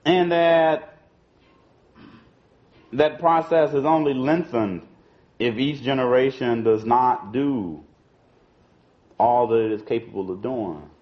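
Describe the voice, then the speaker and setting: With long pauses and a slow pace, a man with a mid-range voice talks politics informally to an audience. He repeats himself and often drops "you know" and "see." The recording is archival, dull, and lo-fi.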